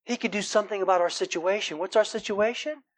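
A man's voice: sits high, fast. A man preaching a sermon in a conversational way, often checking in with "right?" and quoting scripture earnestly. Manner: conversational, keeps asking "right?".

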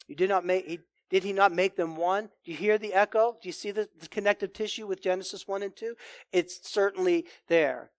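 A man preaching a sermon in a high voice, reading scripture aloud and then driving his points home with earnest emphasis. The sound is close and dry, with no room echo. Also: fairly even intonation, normal speed. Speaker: pastor.

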